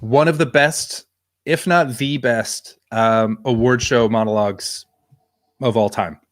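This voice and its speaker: A man's voice: mid-range voice, takes it slowly. A man in his thirties co-hosting a podcast, chatting casually and enthusiastically with a friend. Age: 30s. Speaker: podcast co-host. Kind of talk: casual chat watching a video.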